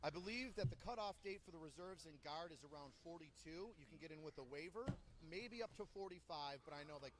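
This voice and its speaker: A drill sergeant tells stories in an interview, speaking fast at a fairly high pitch with hardly any pauses over a noisy background. He's an animated storyteller who acts out the people he quotes, loudly.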